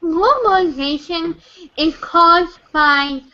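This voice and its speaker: A young woman with a very high, bright voice, drunk and tearful, stammers through a slow, swearing rant. Her words keep catching and repeating as she talks into an online voice chat. The sound is dull and lo-fi. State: tearful, on the edge of crying. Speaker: caller in an online chat room. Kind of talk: emotional rant.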